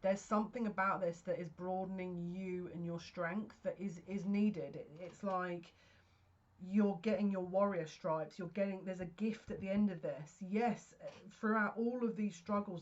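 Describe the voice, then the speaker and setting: A woman's voice: mid-range voice, steady tone, unhurried, dull audio. A woman giving a casual tarot reading, earnest and emotional, rambling with frequent restarts. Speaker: psychic tarot reader. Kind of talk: casual spoken reading to camera.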